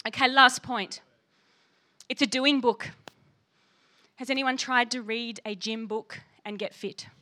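Bright, passionate woman preacher. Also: a little high, fairly even intonation, a little slow, long pauses. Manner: passionate, emphatic preaching with laughs. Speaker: pastor. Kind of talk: sermon.

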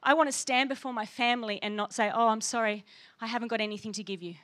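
Woman pastor, bright high voice, fiery emphatic sermon delivery. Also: fairly even intonation, quick pace. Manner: passionate, emphatic preaching with laughs.

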